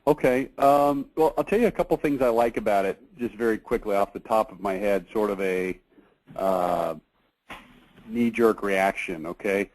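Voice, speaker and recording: A man hosting a casual conference call, chatty and halting, with many fillers. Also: lowish voice, a little mellow, poor audio. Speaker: host of a marketing review call.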